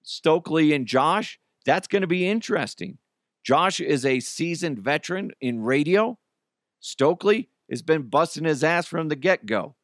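A man riffs in a casual podcast commentary, opinionated and tossing in joking asides. His voice sits at an ordinary middle pitch and sounds a little strained, as if he is saving it. The sound is dry and close, with no room around it. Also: dry recording. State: trying not to lose his voice. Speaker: podcast host.

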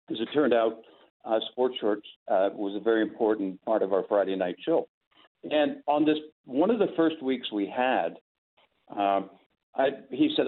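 A man's voice: mid-range voice, moderate pace. An older man, a former sportscaster and guest, telling anecdotes and acting out the quotes, over a tinny phone-like line. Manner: animated anecdotes with acted-out quotes. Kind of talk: storytelling interview.

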